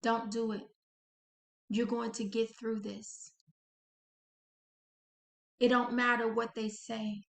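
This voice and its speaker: A soft, reassuring inner voice of comfort, voiced by a woman, unhurried and bright-toned. It echoes in a reverberant room. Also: fairly high pitch, little pitch movement. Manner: gentle, reassuring.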